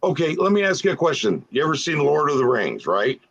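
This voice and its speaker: A man co-hosting a casual livestream, chatty and emphatic with quick opinions. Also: on the high side, huge pitch swings, creaky, crowd noise. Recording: dull lo-fi audio.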